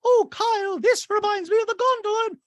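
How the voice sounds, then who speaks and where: A man mimicking a high-strung, anxious rich woman, with drawn-out shrill squeals and robotic beeping noises. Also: a bit bright, dry recording, clean studio sound.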